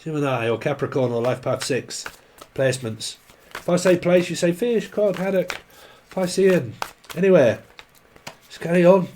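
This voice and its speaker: A man's voice: fairly high pitch, animated, normal speed, pauses often, darkish tone, slight background noise. A man giving a casual, rambling tarot reading, joking and swearing freely. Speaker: tarot reader.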